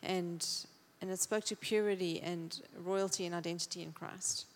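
A woman's voice: on the low side, steady tone, normal speed, long reverb tail. A woman from the congregation tells of a vision in an earnest, plain way. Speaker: congregation member sharing a vision. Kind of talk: testimony. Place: church.

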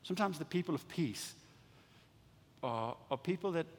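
A man preaching a sermon as pastor, animated and acting out little dialogues, often stumbling and restarting his words. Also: fairly high pitch, moderate pace, slight background noise. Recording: long hall reverb.

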